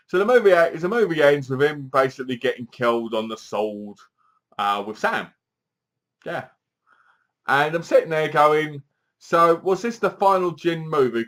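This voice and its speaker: A man's voice: medium pitch, fairly bright tone. A man giving a chatty, exasperated spoken film review, retelling scenes and quoting lines as he goes. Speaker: movie reviewer.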